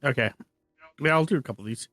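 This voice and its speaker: A man streaming a video game, chatting casually with friends in a relaxed, rambling way and correcting himself as he goes. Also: medium pitch, fast, no room sound, clean studio sound. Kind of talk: casual let's-play chat.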